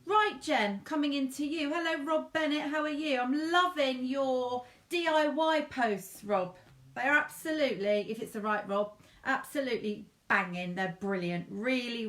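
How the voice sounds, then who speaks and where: A woman's voice: a little high, roomy sound. A woman doing a live medium reading, chatty and gushing, calling viewers darling and honey. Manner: warm, chatty, endearments to viewers; gushing, repetitive phrasing. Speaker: psychic medium.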